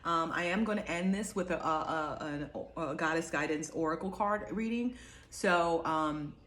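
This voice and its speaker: A woman's voice: low voice, moderate pace, a bit bright, roomy sound. A woman giving a casual, rambling talk to camera as an energy healer, full of fillers and restarts.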